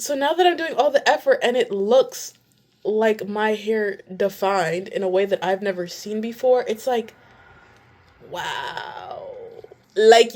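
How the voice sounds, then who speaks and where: A young woman talking casually through a hair tutorial at home, chatty and narrating each step. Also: mid-range voice. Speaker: vlogger.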